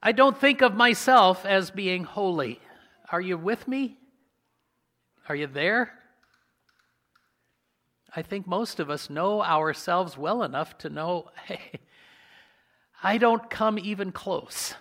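A man preaching a sermon in a conversational way, asking his congregation questions and slowing down to stress key words. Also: high voice, lively intonation, bright, forceful tone. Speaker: pastor.

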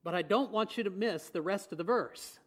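High-voiced man preaching conversationally. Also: normal speed. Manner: conversational, rhetorical questions, chuckles. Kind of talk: sermon.

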